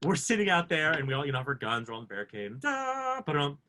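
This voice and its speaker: A man spinning backstage anecdotes in an animated, swooping voice that jumps into funny impressions. His tone is bright and forward. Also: mid-range voice, rapid-fire. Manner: lively, acts out quotes in funny voices. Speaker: co-host. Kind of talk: animated storytelling.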